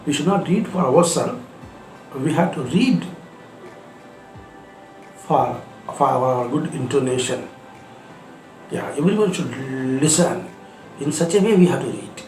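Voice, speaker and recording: A man teaches a spoken lesson, earnest and fond of repeating his points. His voice sits a little high. He is recorded in an echoey room with faint music underneath. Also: expressive, unhurried, long pauses, darkish tone. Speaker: English teacher.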